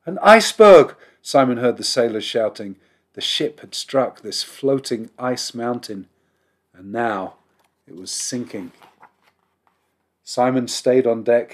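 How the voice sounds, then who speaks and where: Rabbi guy reading a kids' story, measured, expressive, mid-pitched. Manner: measured, expressive read-aloud. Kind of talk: storybook narration.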